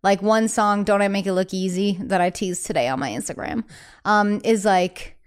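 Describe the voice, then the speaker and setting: Chatty woman with a smooth, clear voice. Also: medium pitch, normal speed. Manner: chatty, many "like" fillers, acts out quoted voices. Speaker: singer-songwriter guest. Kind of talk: candid conversational interview.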